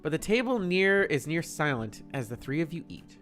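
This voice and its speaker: Narrator, playful story reading, lively pitch. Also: moderate pace, faint music behind. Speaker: narrator and streamer. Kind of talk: reading a fan story aloud.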